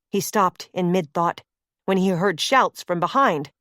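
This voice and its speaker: A woman reading a suspense novel as audiobook narrator, in a steady, measured way. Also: fairly low pitch, no echo, studio quality.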